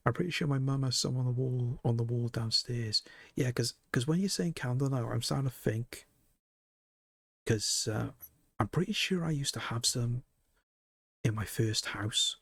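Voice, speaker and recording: A man's voice: mid-range voice, vocal fry, dry recording. A man streaming live, chatting casually with viewers, joking and laughing often.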